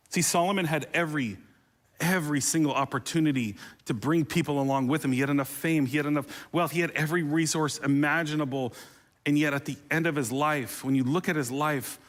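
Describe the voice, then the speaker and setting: A man's voice: fairly high pitch, brisk. A man preaching a sermon as pastor, conversational and humorous, with playful asides and rising intensity on emotional appeals.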